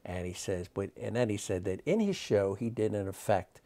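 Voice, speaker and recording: A man's voice: on the low side, very animated, normal speed, mellow. A man, a magic historian, telling anecdotes in an interview, rambling with many fillers. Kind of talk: interview storytelling.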